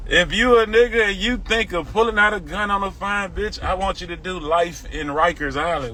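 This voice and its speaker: Ranting casually on his phone livestream, a middle-aged Houston man with a Southern US accent swears and speaks bluntly. He has a high, pushed, bright voice, a moderate pace, and hardly any pauses. A little background noise sits behind him.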